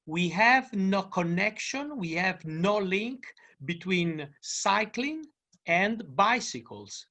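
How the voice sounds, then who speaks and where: A man speaking English with an Italian accent, answering interview questions haltingly with many fillers and restarts. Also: sits high, very animated, sharp tone. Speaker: Italian cycling journalist guest. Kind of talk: podcast interview.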